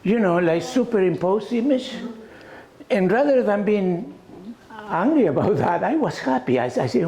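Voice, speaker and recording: A man's voice: sits high, normal speed. Older Argentine-born man in an echoey room. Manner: non-native grammar, animated anecdotes, frequent "you know". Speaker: exhibiting photographer. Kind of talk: storytelling artist talk. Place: small arts gallery event. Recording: echoey room, faint background noise.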